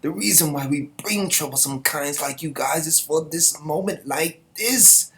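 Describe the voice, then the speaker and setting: A male army officer pleads with unruly warriors to charge, as a man reads him aloud. The pitch goes well above the reader's own, and the words come slowly and urgently. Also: a bit bright. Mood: pleading.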